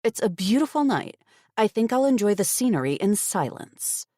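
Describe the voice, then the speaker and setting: A woman voicing a fierce young heroine with a siren voice, sharp and defiant in her questions. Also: mid-range voice, very animated, moderate pace, dry recording, studio quality, voice pushed up. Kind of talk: audiobook character voice.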